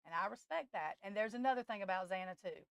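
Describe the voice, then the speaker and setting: Animated and gravelly yet a bit bright, her medium-pitched voice comes through clean in a dry recording. As a tarot livestream host on the verge of tears, she speaks passionately, halts and restarts, and calls her viewers "y'all" in emotional live-stream chat.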